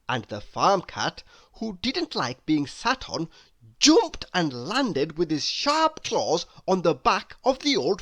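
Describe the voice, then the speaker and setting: A man reading a children's storybook aloud in a slow, very expressive, sing-song way. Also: high voice. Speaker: storybook reader.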